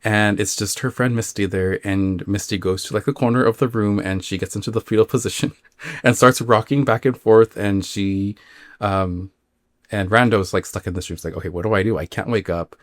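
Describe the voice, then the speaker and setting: A man with a low voice hosts a spooky podcast, retelling a listener's dream story in a loose, chatty way. He rambles and leans on fillers, and the recording is close and dry. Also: fairly even intonation, moderate pace, no room sound. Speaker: podcast host.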